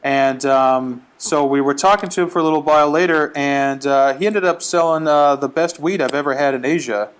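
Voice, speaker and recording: A man's voice: a little high, normal speed, hardly any pauses, smooth. A man casually telling a comic travel story, acting out the quotes as he goes. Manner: animated, acts out quotes. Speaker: guest storyteller.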